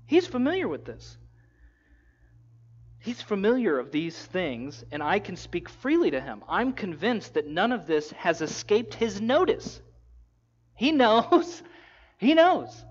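A man delivers a sermon in a high, bright-sitting voice, telling the story with animated energy and slipping into casual, acted-out dialogue. The recording is a little dull and lo-fi. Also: normal speed. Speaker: pastor.

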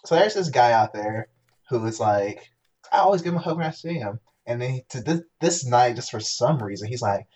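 A man's voice: medium pitch, animated, fairly quick, a little mellow, husky, lo-fi sound. A man co-hosting a podcast, chatting casually and telling rambling stories with lots of restarts. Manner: rambling storyteller with many restarts. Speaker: podcast co-host. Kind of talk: casual chat.

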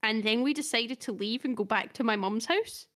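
Chatty woman, fairly high voice. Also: moderate pace, fairly bright tone. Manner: chatty storyteller, laughing often. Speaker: podcast co-host. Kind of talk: casual chat.

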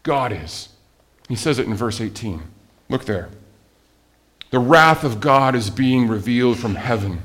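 A man preaching a sermon as a pastor, animated, with rhetorical questions and swings from loud emphasis to quiet asides. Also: mid-range voice, a little slow, pauses often.

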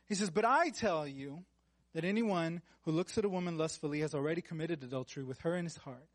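A man's voice: sits high, animated, brisk, no room sound. A man preaching a conversational sermon, reading Bible verses aloud and breaking off for casual, joking asides.

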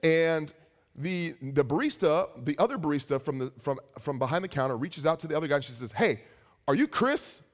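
A young adult man preaching a sermon as a pastor, telling stories with animated asides. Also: fairly high pitch, fairly quick.

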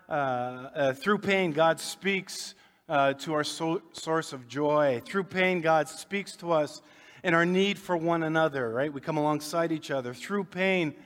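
Male pastor, folksy and joking, slightly high voice, church hall reverb. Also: unhurried, a bit bright. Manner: folksy, joking, conversational preaching. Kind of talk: sermon. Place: church sanctuary.

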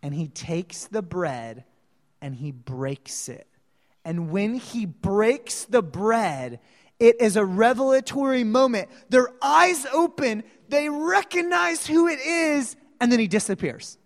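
A woman's voice: a little high, lively intonation, slow pace. A woman preaching a sermon, telling the story dramatically and acting out the voices of the people in it. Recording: long reverb of a large hall.

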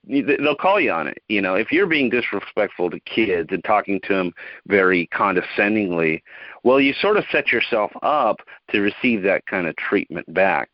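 Man, podcast host, low voice, thoughtful, halting, dull dry sound. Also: no room sound. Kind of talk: podcast interview.

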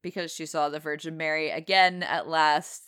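Bright, crisp-voiced woman, sarcastic. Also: deep voice, normal speed. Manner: sarcastic, animated retelling with laughs. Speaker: podcast co-host. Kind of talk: casual film review chat.

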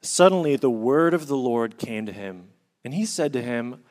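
A man's voice: medium pitch, animated, normal speed, darkish tone. Guy preaching a sermon, earnest, explaining scripture, reads verses out. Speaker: pastor.

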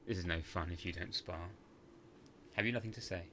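A man's voice: low voice, fairly quick, bright, forceful tone, a little hiss or hum. A man doing a sly, taunting demon. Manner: taunting, mocking. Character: sly mocking male demon, taunting and gleeful.

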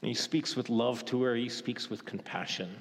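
Male pastor, mid-pitched, preaching with questions and hushed asides, long church reverb. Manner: questioning, dramatic pauses, softens to a hush for gentle moments. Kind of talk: sermon.

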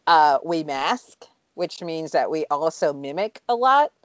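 Low-voiced woman in her thirties chatting. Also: expressive, measured pace, dry recording, dull audio. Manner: talkative, candid, with small laughs. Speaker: podcast co-host. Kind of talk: casual chat.

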